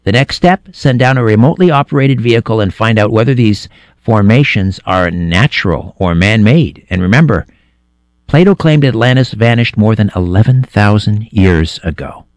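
A man's voice: lowish voice, animated, moderate pace, no room sound. A middle-aged man guest-hosting a late-night radio talk show, chatty and telling anecdotes. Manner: conversational, tells anecdotes with restarts. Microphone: studio microphone.

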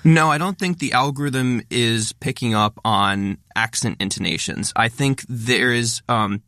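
A man who is a content creator, talking fast and stressing many words as he explains ideas in a conversational interview. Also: medium pitch, bright, forceful tone, dry recording, studio quality.

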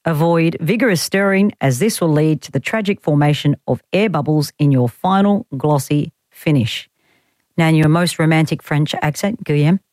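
A woman's voice: low voice, normal speed, a little mellow, no room sound. A woman hosting a radio talk show, playful and teasing, laughing often as she chats with a guest in the studio. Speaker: radio host. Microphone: studio microphone.

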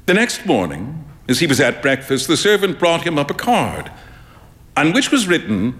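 A man's voice: fairly high pitch, normal speed, big-room sound. Theatrical man reading a story live. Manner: expressive, theatrical. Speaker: performer reading a short story.

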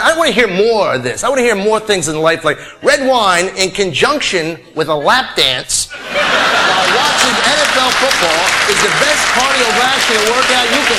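A man performing a stand-up comedy routine, ranting with mock-earnest conviction and shouting his punchlines. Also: high-pitched. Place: live comedy stage before a laughing audience. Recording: noisy live recording with loud crowd laughter.

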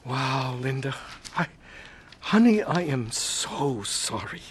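A man playing a gentle, concerned husband who reassures his wife. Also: mid-range voice, sing-song, slow pace, husky, heavily acted. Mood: tender. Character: gentle, supportive middle-aged husband. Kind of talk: radio-style drama acting.

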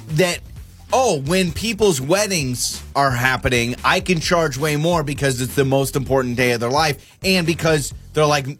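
A man's voice: fairly high pitch, measured pace, soft background music. A man co-hosting a casual radio show, cracking jokes and getting worked up when he takes sides. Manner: joking, gets worked up and animated. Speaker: radio co-host. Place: radio studio.

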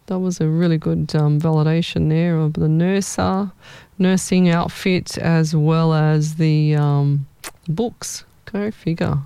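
A woman's voice: lowish voice, mellow, clear, resonant tone, no room sound. A woman hosting a live-stream as a psychic medium, chatty and rambling, often repeating her words. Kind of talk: live-stream readings for viewers.

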